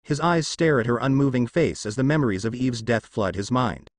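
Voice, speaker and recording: A man's voice: mid-range voice, brisk, no echo, studio quality. A man narrating fan fiction aloud in a plain reading manner.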